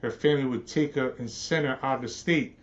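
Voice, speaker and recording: A man's voice: medium pitch, fairly quick, dull audio. A man hosting a podcast, ranting in a profane, scornful, repetitive monologue. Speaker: podcast host.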